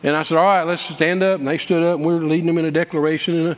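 A man preaching a story in a folksy, dramatic way, with repeated words and shouted quoted lines. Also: on the high side, fairly even intonation, rapid-fire. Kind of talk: storytelling sermon. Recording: long hall reverb.

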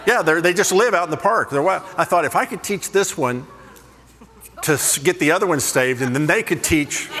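A man preaching a sermon, telling funny stories in an animated, self-deprecating way. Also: on the high side, moderate pace, in a large hall, background noise. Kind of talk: humorous sermon storytelling.

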